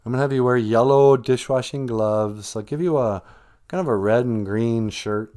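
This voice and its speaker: A man's voice: mid-range voice, normal speed, mellow, natural voice. A man voicing a smug, self-pitying rich hero who brags and keeps bringing up his own loss, in a comic spoken retelling. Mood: boastful. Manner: boastful, oblivious, talks up his own sad past.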